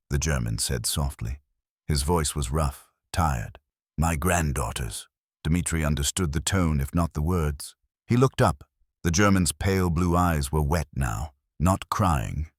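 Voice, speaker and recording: A man narrating a scripted story in a slow, solemn, measured way. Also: extremely low pitch, no echo, clean studio sound.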